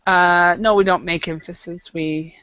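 A woman's voice: fairly low pitch, fairly even intonation, measured pace, fairly bright tone, clear, resonant tone, no room sound, highs cut off. A woman teaching an English class, patient and explaining with frequent restarts. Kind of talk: classroom lesson.

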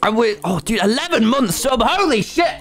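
A young man with a very high voice streams and chats as he plays, speaking at normal speed over faint music. Excitable, he swears often and tells stories with lots of energy in this casual gaming chat.

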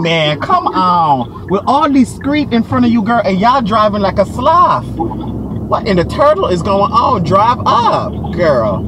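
A man vlogging from his car as a delivery driver, talking in a sassy, flamboyant, dramatic way. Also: sits high. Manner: sassy, flamboyant, dramatic, keeps saying "girl" and "Miss Thing". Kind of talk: casual vlog chat. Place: inside a car while driving. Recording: car noise behind the voice.

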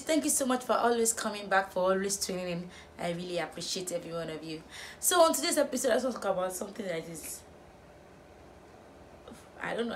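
A young woman vlogging, firing off exasperated rhetorical questions in an animated opinion rant. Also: lowish voice, slight background noise.

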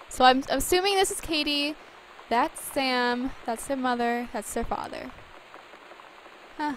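Giggly high-voiced young woman gamer. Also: unhurried, a little hiss or hum, rough recording. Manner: giggly, chatty, reads game text aloud. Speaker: let's play gamer. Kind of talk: casual gameplay commentary.

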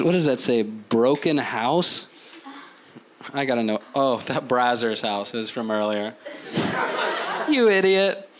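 A man doing an improvised stand-up set on a club stage, loose and rambling, swearing a lot and mocking himself. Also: medium pitch. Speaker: stand-up comedian. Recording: noisy live club recording. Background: audience laughter.

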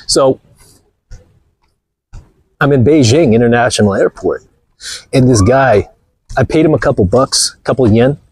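A man's voice: mid-range voice, darkish tone, husky. A man vlogging outdoors with a phone camera, blunt and mocking, rambling through stories as he walks. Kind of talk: casual walking vlog talk.

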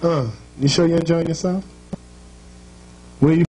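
A man's voice: fairly high pitch, steady tone, unhurried, dark tone, slightly rough, poor audio. A man with a Jamaican accent hosting a live show, joking and teasing his crowd in a playful, chatty way.

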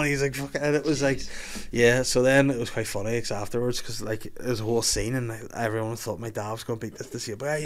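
A Scottish man in his thirties hosts a casual podcast chat. He tells his story in an animated way, laughing often and swearing freely. His voice sits at an ordinary middle pitch. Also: fairly quick. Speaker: podcast host.

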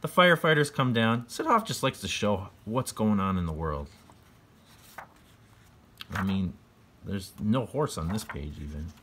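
Low-voiced man chuckling through a picture book. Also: big pitch swings, a little slow, pauses often, fairly bright tone, slight background noise. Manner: chuckles often, loose and rambling with fillers. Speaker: book reader. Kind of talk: casual picture book retelling.

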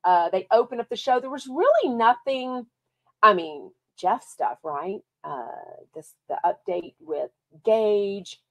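Texan lady podcaster, chatty and casual, mid-pitch voice, talks fast and loose. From Texas. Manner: chatty, lively, reads viewer comments aloud. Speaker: podcast host. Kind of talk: casual chat.

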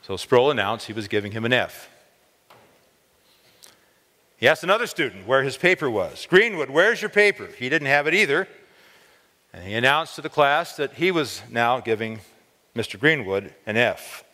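Male chapel speaker, mid-pitched, expressive storyteller, long reverb from the hall. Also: normal speed, pauses often. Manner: expressive, lifts pitch on key words. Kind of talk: storytelling sermon. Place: college chapel.

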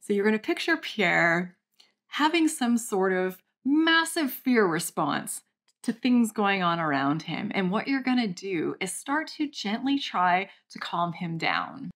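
A young woman hosting a channel, calmly and gently guiding listeners through a step-by-step brain training exercise. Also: mid-range voice, unhurried. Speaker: channel host, recovery coach. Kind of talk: guided exercise instruction.

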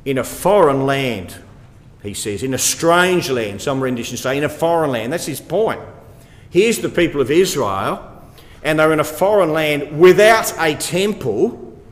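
A man's voice: on the high side, expressive, measured pace. A man giving an expository Bible talk, asking rhetorical questions and hammering points home by repeating them. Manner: rhetorical questions, emphatic repetition. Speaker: Bible study speaker. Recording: long hall reverb.

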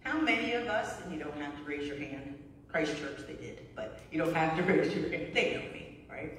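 A woman's voice: sits low, normal speed, fairly bright tone, slight background noise. Brief: chatty woman preaching in an echoey church. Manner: conversational, storytelling, frequent "right?". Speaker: pastor. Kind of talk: sermon. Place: church sanctuary. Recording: echoey hall from far off.

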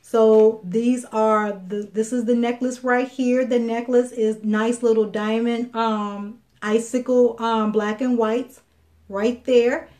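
A woman's voice: a little high, level tone, slow pace, dark tone. A woman from Chicago selling jewelry on a live video, chatting casually with many fillers and restarts. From Chicago, Illinois. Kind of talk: live sales stream.

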